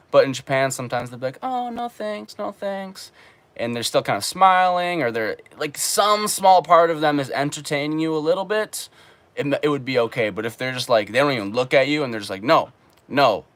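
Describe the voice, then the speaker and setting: A man's voice: mid-range voice, no echo. A young man hosting a casual livestream, reading viewer questions and joking as he answers. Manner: relaxed and joking, reads viewer questions aloud. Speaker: livestream host reading chat. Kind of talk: casual live-stream chat. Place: home streaming room in Japan.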